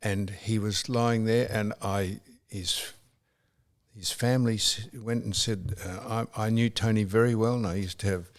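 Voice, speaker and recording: A man hosting a casual podcast chat, reflective and halting with fillers. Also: fairly low pitch, fairly even intonation. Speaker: podcast host.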